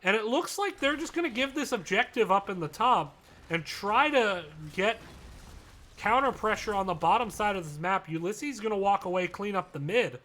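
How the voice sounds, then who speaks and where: Male esports caster calling a live match; high, bright and brisk, with chatty asides. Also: animated. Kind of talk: live play-by-play commentary.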